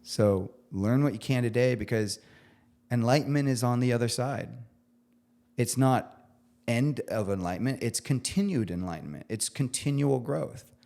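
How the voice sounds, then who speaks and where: A man's voice: mid-range voice, animated, normal speed, gravelly, darkish tone. A man in his forties, a guest chef talking earnestly on a podcast, often restarting as he searches for words. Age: 40s. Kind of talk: reflective podcast conversation.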